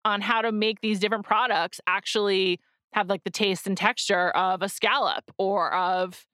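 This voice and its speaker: A woman's voice: mid-range voice, fairly even intonation, moderate pace, bright, forceful tone, clean tone, no room sound, clean studio sound. A woman co-hosting a podcast in casual chat, talking with lots of "like" fillers and restarts. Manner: chatty, many "like" fillers and restarts. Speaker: podcast co-host. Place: in New York.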